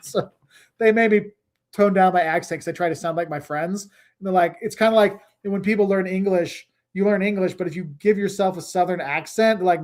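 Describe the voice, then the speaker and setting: A man's voice: sits high, fairly even intonation, fast, a little mellow. A middle-aged man hosting a casual travel livestream, chatting and rambling as he answers viewer comments.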